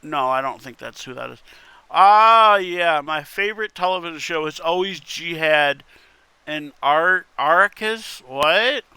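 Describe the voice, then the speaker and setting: A man's voice: on the high side, a little slow, bright, forceful tone, clear, resonant tone, no echo. A man reading internet posts aloud in casual commentary, wry and muttering, with casual swearing. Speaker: content creator reading posts.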